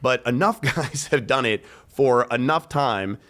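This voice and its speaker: Young male podcast co-host, mid-pitched, rambling and hesitant delivery. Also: lively intonation, a little slow, a bit bright. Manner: rambling, hesitant, many fillers and restarts. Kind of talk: casual chat.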